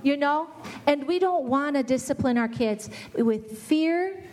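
A woman's voice: high-pitched, animated, measured pace, a little mellow. A middle-aged woman giving a family ministry talk, earnestly acting out what parents and kids say.

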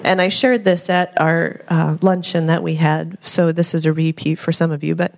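A woman sharing a heartfelt testimony in church, earnest and laughing softly now and then. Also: deep voice, level tone, moderate pace, creaky. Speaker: congregation member sharing a testimony. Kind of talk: spoken testimony.

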